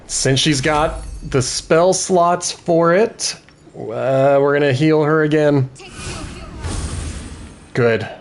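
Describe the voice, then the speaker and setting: A man's voice: a little high, takes it slowly, long pauses, a little hiss or hum. A man giving let's-play commentary, thinking aloud about tactics and cheering on his party members. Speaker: gaming video host.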